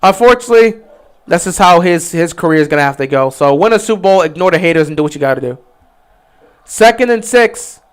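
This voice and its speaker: A man hosting a livestream, giving casual play-by-play commentary and reacting loudly to big plays. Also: fast talker, clear, resonant tone. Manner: excitable, swings from low musing to loud shouting on big plays; chatty, talks straight to players and chat. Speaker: livestream host calling the game.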